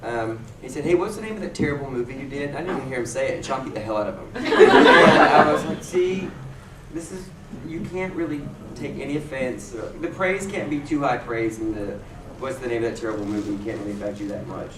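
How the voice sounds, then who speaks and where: A man, an actor on a convention panel, telling casual stories in an expressive, swinging delivery. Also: a little fast. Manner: expressive, swings from low mumble to loud laughing bursts. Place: convention hall. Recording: echoey hall, distant mic, loud background noise.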